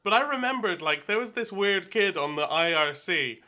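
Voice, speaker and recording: Man, very bright voice, slightly high, animated, tabletop player describing actions. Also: moderate pace. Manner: animated, laughing storytelling. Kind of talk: tabletop game play.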